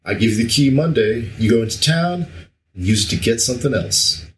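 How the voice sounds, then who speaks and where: A man's voice: mid-range voice, animated, brisk, lightly acted. A man voicing a sulky, shady male drug courier in his own plain reading voice. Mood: insistent.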